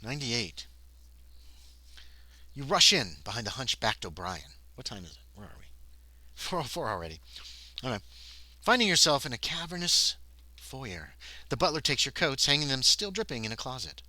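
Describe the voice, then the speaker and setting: A man with a mid-range, sing-song, sharp-toned voice plays a solo tabletop horror scenario on a livestream, narrating the text aloud at normal speed and breaking off into muttered asides with long pauses. The audio is poor, with no room sound.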